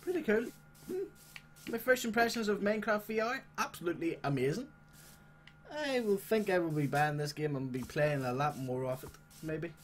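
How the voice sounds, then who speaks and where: A man hosting a gaming channel, chatting casually and swearing excitedly as he plays a game. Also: fairly high pitch, moderate pace, a little hiss or hum. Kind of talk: casual gameplay commentary.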